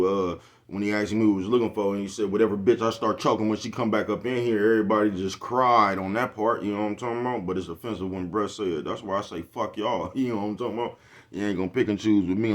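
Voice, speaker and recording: A young man rambling in a casual vlog monologue, laughing often and swearing heavily. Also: on the low side. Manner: laughs often, crude slang, keeps asking "you know what I'm talking about". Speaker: vlogger.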